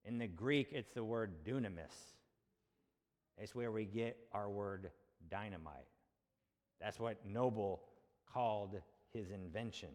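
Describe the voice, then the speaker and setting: A male pastor with a lowish, slightly mellow voice preaches at a measured pace, pausing often. His sermon is conversational, full of rhetorical questions and checks with the congregation, and the sound has long hall reverb.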